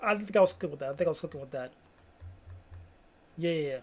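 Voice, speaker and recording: A man's voice: fairly high pitch, fast, a little mellow. A man hosting a casual video, rambling through tangents and pleased with himself. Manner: rambling, self-amused, full of "like".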